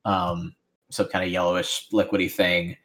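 A man narrating as game master of a tabletop game, relaxed and rambling with lots of fillers. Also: deep voice, moderate pace.

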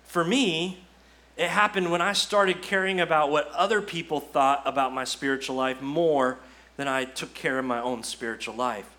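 A man's voice: a little high, moderate pace, bright, forceful tone. A man preaching a sermon as pastor, earnest and exhorting, full of repetitions and rhetorical questions. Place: church.

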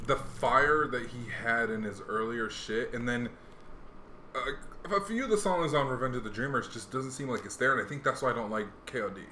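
A young man hosting a podcast, chatting casually in a rambling, animated way with lots of fillers. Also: medium pitch, moderate pace. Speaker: podcast host. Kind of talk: casual chat. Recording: echoey room, faint noise.

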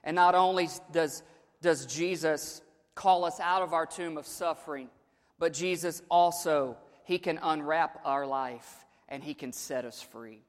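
A man preaching an Easter sermon in a church, swinging between quiet storytelling with joking asides and dramatic shouted build-ups. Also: fairly high pitch, unhurried, in a large hall. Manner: humorous asides. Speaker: pastor.

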